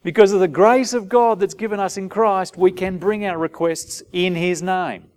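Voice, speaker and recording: A man's voice: sits high, normal speed. A man preaching a sermon, asking his listeners questions and briefly acting out little dialogues. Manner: animated, asks the audience rhetorical questions, acts out short dialogues.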